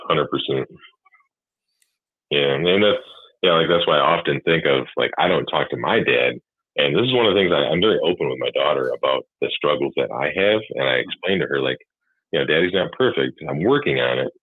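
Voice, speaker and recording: Rumbling low and a little fast, this man's voice reaches us over a husky, tinny, phone-like line that stays dry. In casual chat he rambles candidly about being a dad, cursing without restraint.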